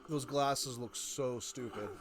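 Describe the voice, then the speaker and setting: A man's voice: medium pitch, steady tone, slow, music in the background. Profane, sarcastic man ranting. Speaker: YouTube reviewer. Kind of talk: ranting commentary.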